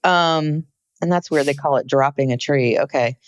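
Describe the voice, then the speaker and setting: A woman's voice: sits low, normal speed, dry recording, studio quality. A woman co-hosting a podcast, chatting casually and animatedly as she recaps a reality show. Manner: animated, exclaims about frantic scenes. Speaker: podcast co-host.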